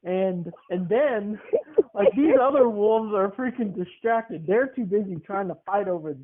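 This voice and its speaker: High-voiced man telling a rambling comic story. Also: expressive, measured pace. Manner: rambling, laughs often. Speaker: podcast co-host. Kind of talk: comedic storytelling. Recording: tinny phone-like sound.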